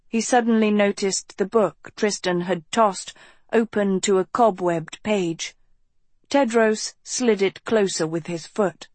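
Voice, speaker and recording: A woman reading a fantasy novel aloud as audiobook narrator, measured and clear. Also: mid-range voice, no echo.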